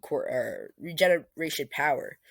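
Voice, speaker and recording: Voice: mid-range voice, normal speed, vocal fry, fairly bright tone, breathy edge, dry recording. A casual storyteller voicing an eager, polite young male hero, wide-eyed and thankful.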